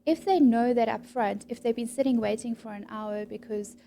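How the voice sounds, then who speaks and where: Gravelly-voiced woman psychologist, calm and measured. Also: on the high side, a little hiss or hum. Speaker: clinical psychologist guest. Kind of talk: professional interview.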